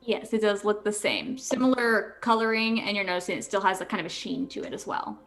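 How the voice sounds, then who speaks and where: A woman's voice: mid-range voice, expressive, brisk, fairly bright tone, faint music behind. A woman running a tabletop game as dungeon master, narrating scenes with frequent fillers and self-corrections.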